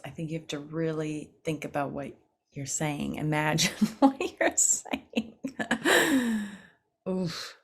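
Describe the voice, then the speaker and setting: A woman acting coach leading a playful vocal warm-up over a video call, laughing often and encouraging. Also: low-pitched, animated, slow pace, long pauses, slightly rough.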